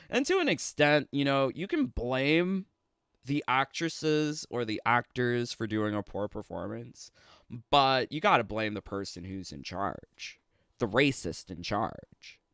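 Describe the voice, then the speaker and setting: A Canadian-accented streamer and commentator rants casually on a livestream in a medium-pitched, creaky, fairly bright voice. The studio-quality recording has no room sound, and he is sarcastic, often laughing between phrases.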